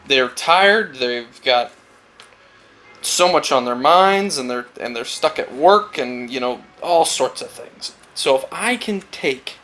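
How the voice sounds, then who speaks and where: A man's voice: medium pitch, creaky, sharp tone. A man talking casually and reflectively while carving wood, rambling through a story and acting out little conversations. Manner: rambling, storytelling, acts out quoted chats. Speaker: woodcarver vlogger.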